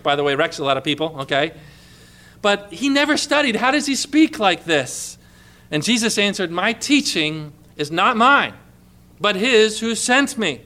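A man's voice: high voice, sharp tone. A male pastor preaching a sermon, quoting scripture with mounting, emphatic fervor.

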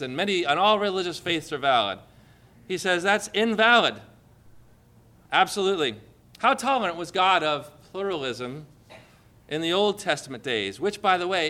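A middle-aged male pastor preaching a sermon, retelling scripture dramatically and asking the congregation rhetorical questions. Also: a little high. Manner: dramatic scripture retelling with sudden loud cries.

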